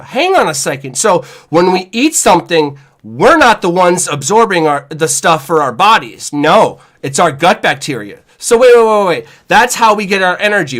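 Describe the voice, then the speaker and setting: A chef co-hosting a podcast, talking in a casual, animated, profane rant with lots of "y'all.". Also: male voice, sits high, normal speed, few pauses. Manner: animated, profane, says "y'all" and "you know what I'm saying".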